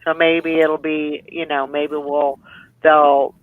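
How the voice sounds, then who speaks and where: A co-host chatting on a morning show, hopeful and chatty, with lots of "you know" fillers. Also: female voice, low voice, level tone, slow, dry recording, narrow, tinny audio. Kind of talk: casual morning show chat.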